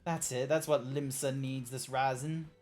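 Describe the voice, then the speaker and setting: A man streaming a video game, chatting casually with an animated, playful manner and exasperated little outbursts. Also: mid-range voice, unhurried. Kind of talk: casual gameplay stream chat. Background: faint chill background music.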